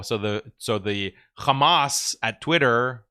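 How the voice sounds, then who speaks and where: A male host delivers casual commentary in a sharp, bright voice. He mocks and scoffs as he talks, often chuckling at his own jabs. His pitch sits in the middle range for a man. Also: normal speed. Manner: sarcastic and mocking, with frequent chuckles.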